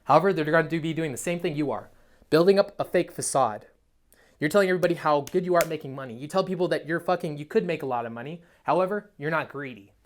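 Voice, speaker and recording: A man's voice: on the high side, fast talker. A young man, a dating coach, giving a blunt, profane, emphatic motivational monologue. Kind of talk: motivational self-help monologue.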